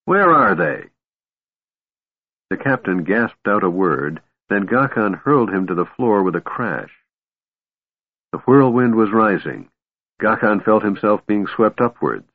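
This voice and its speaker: A man reading a fantasy audiobook aloud, expressive and shifting voices for each character. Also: on the low side, unhurried, no room sound. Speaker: audiobook narrator. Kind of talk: scripted narration. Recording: tinny phone-like dry sound.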